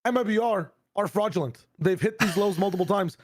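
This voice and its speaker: A hoarse male streamer hosting a watch party, ranting and swearing in mock outrage. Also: high voice, fairly quick. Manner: ranting, profane, mock-dramatic. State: hoarse, losing his voice. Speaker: streamer host. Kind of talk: casual watch-party chat.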